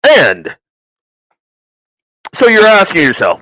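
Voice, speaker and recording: A man's voice: on the high side, sing-song, slow, long pauses, a bit bright, dry recording, low-quality recording. A man hosting a political commentary podcast who talks in a ranting, sarcastic way, with mocking asides and put-on quotes. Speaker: podcast host.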